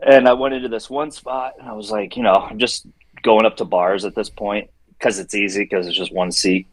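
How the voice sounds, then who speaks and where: A man casually telling a rambling night-out story, laughing and animated as he quotes people. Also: lowish voice, fairly quick, slight background noise, low-quality recording. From Tampa Bay. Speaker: radio show regular calling in.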